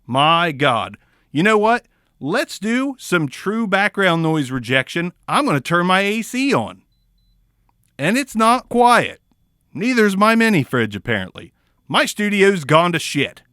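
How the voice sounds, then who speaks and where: Southern-accented man, casual mic reviewer, crude and goofy, lively pitch, dry sound. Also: a little slow, smooth, no echo. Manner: goofy, swearing, crude jokes, sudden loud outbursts. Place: small home studio.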